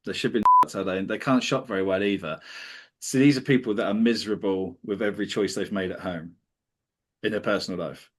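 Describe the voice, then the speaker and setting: A man's voice: on the low side, a little fast, fairly bright tone. A man hosting a comedy podcast, chatting casually, giggling often and stumbling over his words. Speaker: podcast host.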